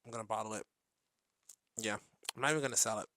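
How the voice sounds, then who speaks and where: A man's voice: lowish voice, quick pace, bright, forceful tone, no room sound. A man hosting his own show, rambling through a stream-of-consciousness monologue with giggles and filler words. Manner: rambling, giggly, breaks into sung jingles. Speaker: host.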